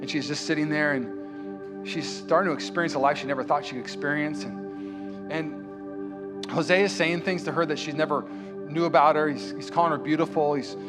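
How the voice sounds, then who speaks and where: A high-voiced male pastor preaches in a church, telling a story and acting out its dialogue. His sermon grows into raised, impassioned delivery, with music playing clearly underneath. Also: fairly even intonation, moderate pace.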